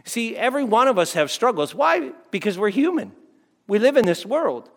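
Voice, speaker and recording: High-voiced pastor preaching in an echoing hall. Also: male voice, sing-song, moderate pace, creaky. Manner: conversational, repeats phrases, asks the crowd "right?". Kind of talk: sermon. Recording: long hall reverb.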